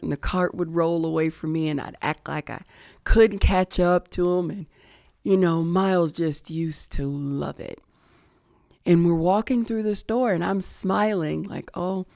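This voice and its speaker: A middle-aged woman talks slowly through her grief, her low voice often dropping to a hush. There is a gravelly fry at the ends of her phrases, and the sound is dry and close, with no room around it. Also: no echo. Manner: slow, reflective, often hushed and emotional. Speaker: podcast host. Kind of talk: personal grief reflection.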